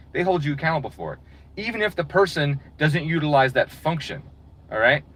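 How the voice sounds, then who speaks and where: A man's voice: on the high side, a bit bright, husky, rough recording. A man delivering a heated, profane, exasperated rant as a channel host. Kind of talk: profane ranting monologue.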